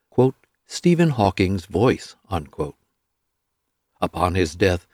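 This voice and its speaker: A man giving a scripted nonfiction narration in a measured, even reading style that slows down on quoted words. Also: lowish voice, dry recording, clean studio sound. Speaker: audiobook narrator.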